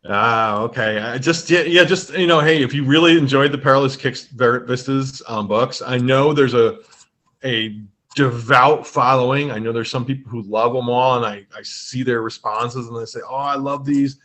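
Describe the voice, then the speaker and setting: A man's voice: mid-range voice, normal speed, fairly bright tone. Chatty man on a video call. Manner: enthusiastic, rambling with fillers. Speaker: guest game writer. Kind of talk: casual podcast chat.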